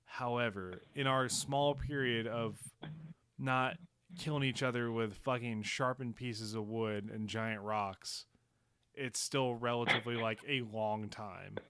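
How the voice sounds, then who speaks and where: Host, male, mid pitch, blunt and crude with wry asides, dry close sound. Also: fairly even intonation, a little slow, fairly bright tone, clear, resonant tone, no room sound. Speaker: podcast host. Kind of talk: casual chat.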